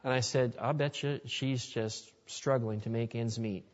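A man's voice: medium pitch, fairly even intonation, unhurried. A man speaker telling personal stories in an earnest, folksy way during a sermon to a live audience. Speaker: Christian speaker. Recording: dull lo-fi recording in a reverberant hall.

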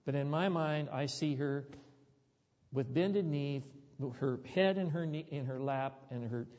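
A man's voice: a little high, a little slow, darkish tone, big-room sound, muffled recording. A man preaching a sermon, telling a story in a conversational way that rises to emphatic peaks.

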